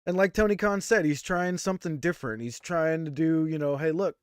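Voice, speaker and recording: An easygoing man co-hosting a laid-back wrestling review chat, with a slightly high, smooth voice. The sound is dry and close, and he laughs often between his points. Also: animated, a little fast, dry recording. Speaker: co-host.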